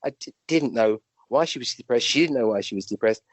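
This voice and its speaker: A man with a British English accent, a physician and medium, telling rambling anecdotes as a guest, with many restarts and lively jumps in pitch. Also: fairly quick, dry recording. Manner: animated, rambling anecdotes with restarts and acted-out quotes. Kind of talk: conversational storytelling.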